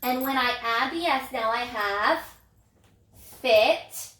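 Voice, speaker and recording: A woman teaching an elementary phonics lesson, sounding out letters in a slow, encouraging, sing-song way. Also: on the high side, a bit bright, echoey room. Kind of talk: recorded phonics lesson for young children.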